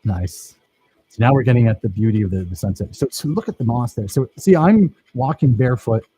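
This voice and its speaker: A man's voice: mid-range voice, lively intonation, a little fast, warm tone, slightly rough, no echo, rough recording. A man teaching a filmmaking workshop, talking casually and enthusiastically over his own footage and praising his students.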